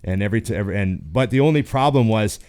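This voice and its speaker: A man from Canada tells stories in a relaxed, chatty way and slips into the voices of the people in them. His voice sits a bit low for a man. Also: quick pace. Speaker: guest, pro bodybuilder. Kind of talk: casual storytelling.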